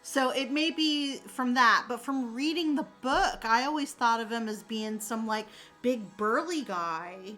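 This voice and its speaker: A woman in a casual live-stream chat, talking straight to her viewers in an animated way and swearing freely. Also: a little high, measured pace, faint music behind.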